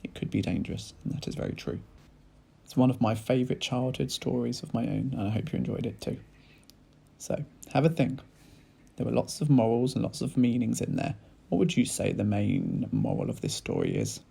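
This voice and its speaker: A male teacher reading a children's book aloud in lively storytelling style, speaking to his pupils. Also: mid-range voice, moderate pace, vocal fry, husky, poor audio. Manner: animated storytelling, addressing children.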